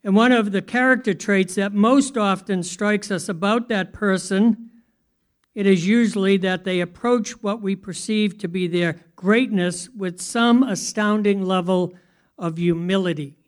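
A man delivers a sermon with a notably high voice. He keeps it conversational and often turns to his listeners with questions. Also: unhurried. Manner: conversational, asks the audience questions. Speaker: pastor.

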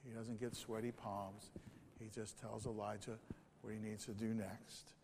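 A man's voice: lowish voice, little pitch movement, unhurried, creaky, a little mellow, husky, big-room sound. A male pastor preaching a sermon in a conversational way, asking rhetorical questions.

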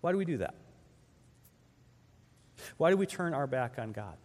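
A man preaching a conversational sermon as pastor, firing off rhetorical questions and dropping from loud emphatic peaks to slow, quiet phrases. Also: medium pitch, sing-song. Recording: long hall reverb.

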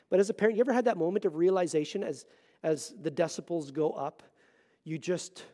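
High-voiced earnest male pastor preaching. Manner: earnest, swings between loud emphasis and hushed asides. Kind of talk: sermon.

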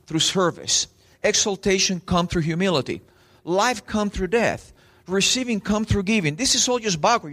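A man, a pastor preaching a sermon in church and telling stories straight to the congregation. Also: high voice. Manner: animated storytelling preacher, addresses crowd directly.

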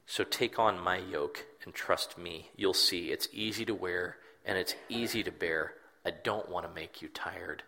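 A preacher voicing a gentle, tender Jesus. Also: male voice, low-pitched, a little slow, creaky, hardly any pauses, voice pushed down, heavily acted. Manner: soft, tender, at times near a whisper. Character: gentle inviting Jesus speaking to reader.

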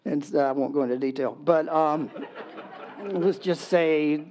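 A man's voice: fairly high pitch, a little slow, a little mellow, a little hiss or hum. A middle-aged man, a pastor preaching a casual, conversational sermon, chuckling, with many restarts and fillers. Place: church in Myrtle Beach.

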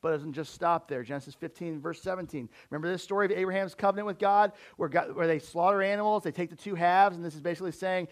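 A male pastor with a notably high voice delivers an emphatic sermon. He stumbles and repeats words as he presses his point, rising and dropping in force. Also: fast, hardly any pauses.

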